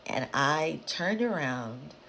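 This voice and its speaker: A woman telling a spooky story time in a casual, dramatic way, swearing, talking straight to her viewers and dropping into hushed whispers for suspense. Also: deep voice, slow, a little hiss or hum. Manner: dramatic, animated, swears and addresses viewers directly.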